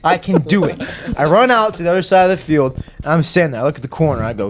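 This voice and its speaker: A man's voice: sits high, brisk, background noise. A young man, a podcast guest, telling a long story in a casual, self-mocking way and acting out the lines of the people in it. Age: young adult. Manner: animated, self-mocking, acts out quotes.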